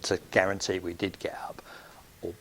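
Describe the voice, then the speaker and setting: A man's voice: low-pitched, completely flat delivery, normal speed, fairly bright tone. A middle-aged man, telling a rambling, chatty anecdote full of ums on his podcast. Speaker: podcast host. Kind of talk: anecdotal storytelling.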